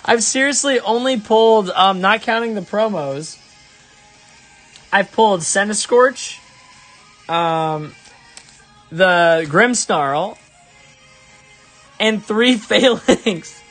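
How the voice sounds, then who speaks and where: Casual male streamer, breathy edge, jumps into high exasperated yelps, soft music underneath. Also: drawn-out words, pauses often. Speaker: live-stream card opener. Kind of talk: casual live-stream chat.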